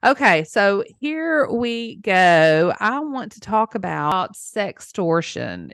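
A woman's voice: mid-range voice, clear, resonant tone, no room sound, studio quality. A woman hosting a solo podcast, talking in an effusive, emotional way with small laughs. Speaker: podcast host.

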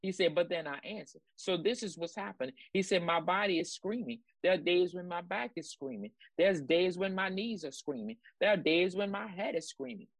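A woman with a fairly low voice speaks at a normal pace with few pauses, and there's no echo. Co-hosting a ministry broadcast, she gives preaching commentary that is emphatic and repetitive, spurring on her listeners with exclamatory praise.

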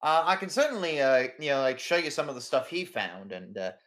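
A man voicing a gruff, cigar-chomping newspaper editor who is blustery and excitable. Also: mid-range voice, brisk. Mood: eager.

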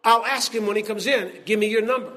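A wary, doubtful father on a phone call, as a preacher acts him out. The voice stays very high and bright, and he speaks plainly. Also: fast.

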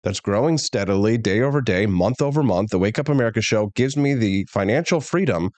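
A man's voice: on the low side, expressive, brisk, a little mellow, dry recording. A man hosting a political talk show, speaking candidly and emphatically. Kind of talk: casual political commentary.

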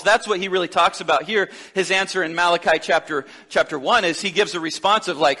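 A man preaching a sermon as pastor, lively and joking, acting out the dialogue of the people he describes. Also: high voice, a little fast, hardly any pauses, in a large hall. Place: church sanctuary.

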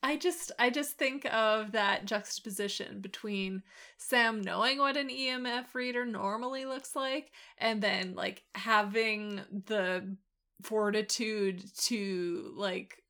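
A woman co-hosting a podcast, chatting casually about a TV show in a relaxed, rambling way with frequent laughs. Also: medium pitch, slow pace. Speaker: podcast co-host.

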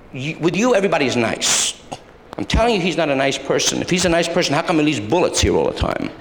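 A man's voice: sits high, bright, forceful tone. A man performing a stand-up routine, telling profane, rambling stories and slipping into character voices. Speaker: stand-up comedian. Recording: archival live club recording with long reverb and faint hiss.

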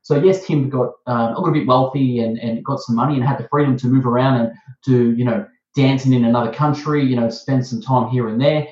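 A man with an Australian accent hosting a casual interview, talking with rambling enthusiasm and pitching up for emphasis. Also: fairly even intonation, fairly quick, few pauses, a little mellow. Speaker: host. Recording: echoey, muffled sound.

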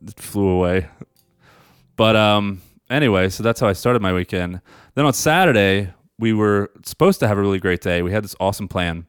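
Smooth-voiced male podcast co-host. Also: lowish voice, brisk, no echo, clean studio sound. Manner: animated, laughs often through his story. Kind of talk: casual chat, storytelling.

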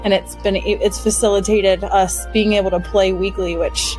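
A woman's voice: medium pitch, little pitch movement, moderate pace, darkish tone, faint music behind, low-quality recording. A woman game master in a casual panel chat, chatty, laughing often and trailing off into restarts.

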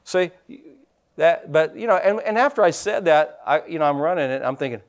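In a fairly high, animated voice at normal speed, a man delivers a conversational sermon. Frequent amens punctuate it as he goes from quiet asides to louder, emphatic points.

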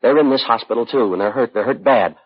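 Friday, a terse detective. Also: male voice, deep voice, steady tone, fast, slightly rough. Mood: firm. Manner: clipped, matter-of-fact delivery. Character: terse, steady adult police detective. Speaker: police detective. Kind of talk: 1950s radio drama acting. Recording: dull old radio broadcast.

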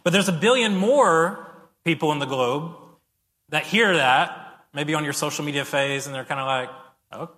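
A man delivers a sermon in a casual, story-driven way. His voice is bright and forceful. It rings with the long reverb of a large hall. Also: a little high, moderate pace. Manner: conversational, animated storytelling with acted-out reactions. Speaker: pastor. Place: church sanctuary.

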